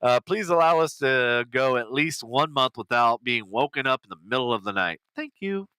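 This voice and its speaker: A man's voice: medium pitch, expressive, normal speed, bright, forceful tone, smooth, no echo. A man co-hosting a podcast, reading posts aloud in casual chat, swearing freely and laughing along. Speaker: podcast co-host.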